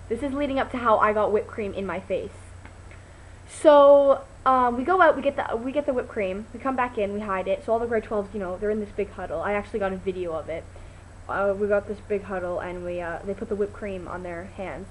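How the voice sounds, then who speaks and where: A woman's voice: brisk, slight background noise, low-quality recording. Chatty teenage girl telling a story. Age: teens. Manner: chatty and rambling, many ums and restarts, bursts into excited high quoted voices. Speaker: vlogger. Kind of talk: casual storytelling vlog.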